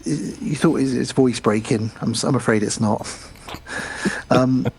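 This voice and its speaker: A man co-hosting a podcast, recapping a film scene by scene in casual chat and dropping into quick quotes. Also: mid-range voice, a little mellow, slight background noise, low-quality recording. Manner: retells scenes with quick acted quotes and laughs. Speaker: podcast co-host.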